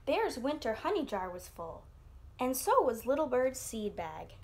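A woman teacher reading a children's storybook aloud in an expressive, animated way for an online class. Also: unhurried, creaky, slight background noise. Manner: expressive, voices characters with lifted pitch.

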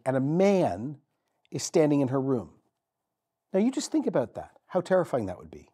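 A man preaching a sermon as pastor, telling the story with dramatic pauses and repetition. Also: on the high side, dark tone, slightly rough. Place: church.

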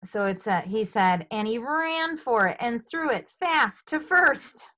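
A woman reading a picture book aloud to children, animated, asking them questions as she goes. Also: a little high, unhurried. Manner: animated, asks the listeners questions. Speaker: storybook reader.

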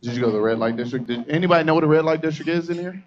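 A man's voice: fairly high pitch, very fast, dull audio, a little hiss or hum. A young man from Atlanta doing stand-up, rambling loosely and teasing the audience as he works the crowd on a club stage. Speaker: stand-up comedian.

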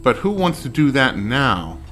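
Bright-voiced man joking through a game. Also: mid-range voice, very animated, unhurried. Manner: wry, joking running commentary. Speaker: let's play gamer. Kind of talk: casual gameplay commentary.

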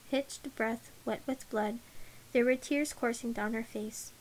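A woman reading an audiobook in a measured, unhurried way. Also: a little high, steady tone, slight background noise, low-quality recording. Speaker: audiobook narrator. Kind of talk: audiobook narration.

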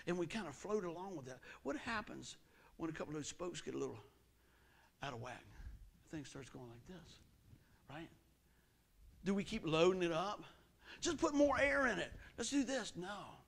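A man's voice: a little high, creaky. A middle-aged man preaching in a church, telling a story in folksy country talk and acting it out with sound effects. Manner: animated, acts out the story with sound effects and voices. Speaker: pastor. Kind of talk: storytelling sermon. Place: church sanctuary.

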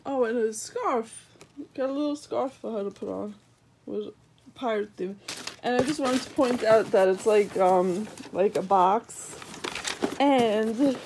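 A young woman vlogging an unboxing at home, just woken up and yawning, cooing at her dog in high baby talk between sleepy asides. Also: noisy background. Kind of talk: casual unboxing vlog.

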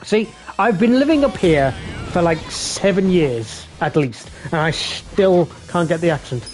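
A man's voice: fairly high pitch, a little slow. Profane man streaming a game. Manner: excitable and heavily profane, jumping between yelps and mutters. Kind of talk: live game stream commentary.

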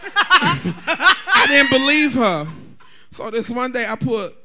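A man chatting as a drag performer guest, telling bawdy stories in an animated, laughing way. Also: extremely high pitch, unhurried. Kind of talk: casual chat.

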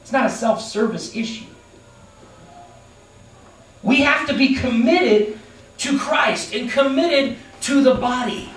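High-voiced man preaching a sermon. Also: echoey room, far from the mic, soft background music, rough recording. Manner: animated, acts out characters in quick asides. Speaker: pastor. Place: church sanctuary.

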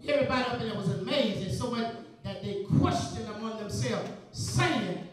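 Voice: medium pitch, moderate pace. A preacher, delivering a rhythmic call-and-response sermon, firing questions at the congregation and repeating phrases. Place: large church sanctuary. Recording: echoey church, picked up from far off, congregation audible.

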